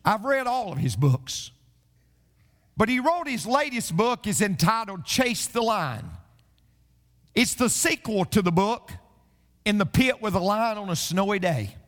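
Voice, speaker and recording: A man's voice: high-pitched, expressive, a little slow, fairly bright tone, big-room sound. A male pastor preaching a sermon, telling stories and building to repeated refrains.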